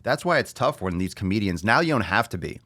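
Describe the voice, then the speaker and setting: Man, podcast host, solo rant, sarcastic, swears a lot, repeats himself, lowish voice. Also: sing-song, fast, a bit bright, no echo. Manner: blunt, sarcastic, profane, repeats phrases for emphasis.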